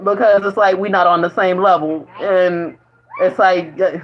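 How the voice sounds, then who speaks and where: A woman's voice: on the low side, flat delivery, a little slow. A woman vlogging in a casual spiritual monologue, rambling and profane, often breaking into laughter. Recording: dull lo-fi recording.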